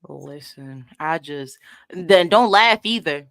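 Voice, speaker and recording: A woman's voice: low voice, expressive, slow, creaky, no room sound, clean studio sound. A woman guest on a podcast, chatting casually and acting out street scenes in different voices. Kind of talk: casual storytelling chat. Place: from the D.C. area.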